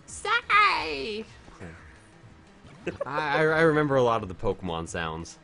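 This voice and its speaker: A man's voice: mid-range voice, big pitch swings, quick pace, a bit bright, faint music behind. A man streaming a video game while drunk, chatting casually, rambling and swearing a lot.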